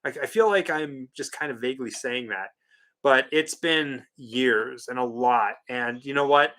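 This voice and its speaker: A man's voice: medium pitch, a little slow, bright, forceful tone. A man co-hosting a live stream in casual chat, reading out viewer comments and playfully insisting on his point. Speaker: co-host of a live watch-party stream.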